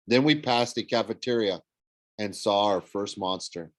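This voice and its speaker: A man reading a novel aloud, animated, with frequent slips and self-corrections. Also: on the low side, measured pace, dry recording. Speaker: audiobook reader. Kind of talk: storybook read-aloud narration.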